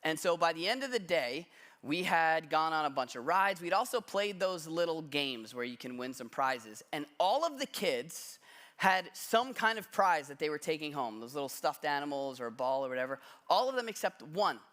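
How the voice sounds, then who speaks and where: A man in his thirties preaching a sermon in a church, talking in a relaxed storytelling way with self-deprecating humor. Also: on the high side, moderate pace. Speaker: pastor. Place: church sanctuary.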